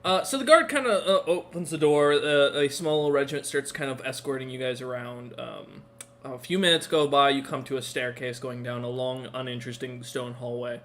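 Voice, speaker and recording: A man's voice: mid-range voice, normal speed, fairly bright tone. A man narrating a tabletop game as game master, casual and full of fillers and self-corrections.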